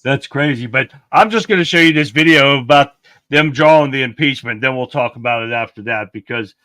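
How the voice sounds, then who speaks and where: A man's voice: mid-range voice, fairly quick, pushed and bright, no room sound. A man co-hosting a casual political livestream, chatting loosely and reading viewer comments aloud. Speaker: livestream co-host.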